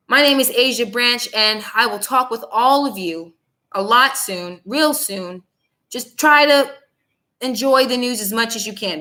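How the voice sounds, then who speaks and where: A young woman hosts her own show in a heated political monologue. Her voice sits high and bright, and she speaks bluntly, repeating lines for emphasis. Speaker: host of a commentary show. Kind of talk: angry political commentary monologue.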